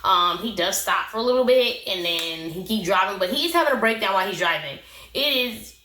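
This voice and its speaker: A young woman speaking gives an animated, opinionated reality show recap, full of "um" and "like." Her voice is bright, and the room around her is echoey. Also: mid-range voice, a little fast, slight background noise. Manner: chatty, animated, opinionated, with many "um" and "like".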